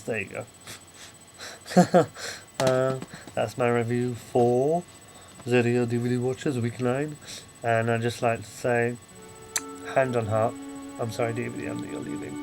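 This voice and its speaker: A man's voice: medium pitch, little pitch movement, unhurried, long pauses, a little mellow, soft background music, poor audio. A young man giving a casual video review, rambling and apologetic, often correcting himself.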